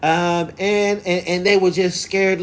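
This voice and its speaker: A man voicing a mocking imitation of a prim woman scholar who talks haltingly, with lots of ums and uhs. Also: sits high, little pitch movement, pitched above the performer's own voice.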